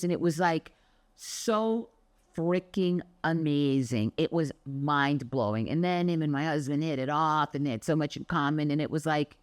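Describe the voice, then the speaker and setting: With a deep voice and no room sound, an older woman who instructs Pilates acts out anecdotes in a forceful, expressive motivational monologue.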